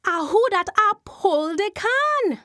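A woman's voice: very high voice, very animated, slow, sharp tone, no room sound, clean studio sound, voice pushed up, heavily acted. A woman voicing a crowd of ghosts in a rhythmic chant. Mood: eerie. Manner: rhythmic chanting, call and response. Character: chanting ghostly Caribbean Jumbie spirits.

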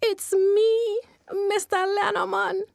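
A woman's voice: on the high side, a little slow, no room sound, studio quality. A woman voicing a cheap, boastful island man who talks to himself scheming.

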